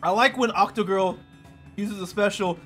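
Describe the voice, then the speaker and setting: A streamer chatting casually during a live gaming session, excitable and rambling, often stammering and repeating words. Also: medium pitch, normal speed, soft background music.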